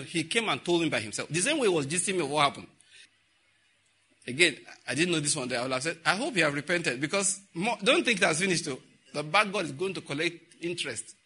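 A man's voice: a little high, pushed and bright, slightly rough. A man preaching a sermon, telling stories and acting out the dialogue. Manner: storytelling, acting out dialogue, frequent laughter.

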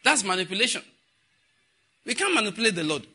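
A man's voice: fairly high pitch, expressive, fairly quick, bright, forceful tone, slightly rough. A man preaching a sermon, telling stories and acting out the dialogue. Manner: storytelling, acting out dialogue, frequent laughter.

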